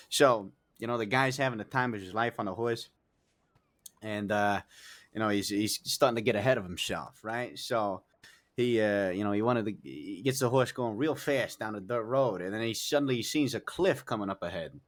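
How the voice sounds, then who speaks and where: A man's voice: on the low side, normal speed. A man telling long, rambling jokes in character during a roleplay, full of fillers and restarts, swearing casually.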